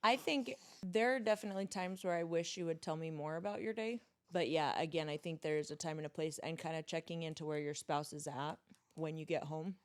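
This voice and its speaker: A woman in her thirties co-hosting a podcast with her husband, reflective and soft-spoken as she talks through her feelings. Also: low voice, a little fast. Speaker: podcast co-host. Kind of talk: casual chat.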